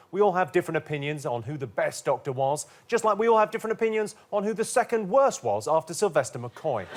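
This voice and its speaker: A man hosting a comedy quiz, delivering scripted deadpan one-liners in a TV studio. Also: sits high, noisy background. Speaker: quiz host. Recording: TV studio with audience laughter. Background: studio audience laughing.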